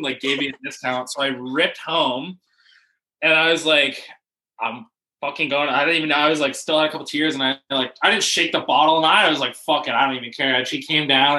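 A young man casually telling a story, animated and full of filler words, often acting out what people said. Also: mid-range voice, rough recording. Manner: animated, swearing, many "like" fillers, acts out quotes. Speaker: rugby player, guest.

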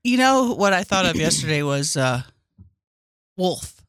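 A woman's voice: deep voice, sing-song, a little fast, no room sound, studio quality. A woman co-hosting a podcast in casual chat, playful and joking, laughing a lot. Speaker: podcast co-host.

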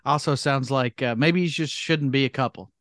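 A man's voice: mid-range voice, moderate pace, fairly bright tone, dry recording, studio quality. A man in his forties co-hosting a podcast, musing hesitantly with frequent restarts. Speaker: podcast co-host. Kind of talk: casual comedic chat.

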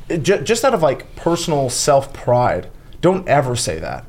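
A man's voice: mid-range voice, huge pitch swings, moderate pace, darkish tone, slight background noise. A man co-hosting a podcast in casual chat, rambling with fillers and restarts and acting out quoted lines. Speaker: podcast co-host.

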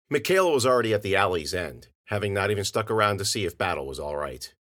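A man narrating audio fiction in an expressive storytelling manner. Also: low voice, fast, hardly any pauses.

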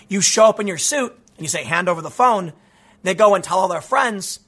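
A man hosting a casual political commentary monologue, animated and ranting, often restarting his sentences. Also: sits high, brisk.

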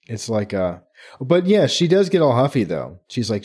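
A man co-hosting a podcast, casually retelling book scenes with lively acted-out quotes and frequent laughter. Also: mid-range voice, moderate pace, slightly rough. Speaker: podcast co-host.

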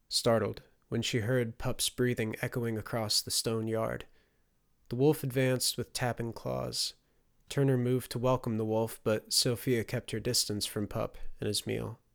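A man narrating a fantasy audiobook in a steady storytelling delivery. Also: medium pitch, vocal fry.

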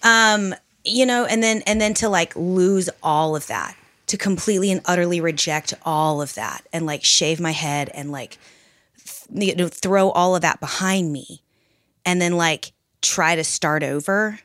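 A woman's voice: fairly low pitch, unhurried, fairly bright tone, no echo, clean studio sound. A young adult woman co-hosting a podcast, talking in a reflective, candid way that rambles with restarts. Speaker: podcast co-host. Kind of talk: casual group podcast chat.

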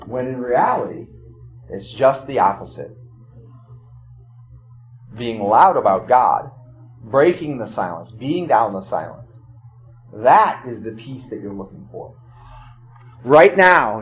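A man preaching a sermon as pastor, swinging from loud emphatic cries to low quiet asides.

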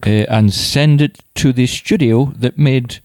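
A man co-hosting a casual podcast, playful and quick to jump in and finish others' sentences. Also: medium pitch, a little mellow, dry recording, studio quality. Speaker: podcast co-host.

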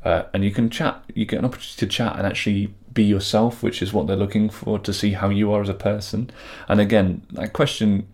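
A man's voice: lowish voice, level tone, fast talker, few pauses, a little mellow. A man co-hosting a podcast, chatting casually and playfully about auditions and laughing easily. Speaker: podcast co-host. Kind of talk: casual chat.

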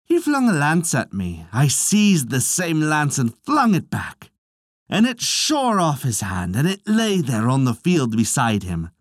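A man's voice: a little high, huge pitch swings, a little slow, dry recording, clean studio sound, pitched above the performer's own voice. A man voicing Ket, the mocking boastful warrior. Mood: taunting. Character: boastful, taunting adult male warrior of Connacht. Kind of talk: audiobook reading of a legend.

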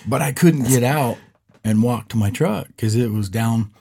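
Man, podcast co-host, husky, mellow, low voice, lively storytelling with acted-out quotes. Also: normal speed. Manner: animated storyteller, acts out quotes. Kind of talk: casual storytelling chat.

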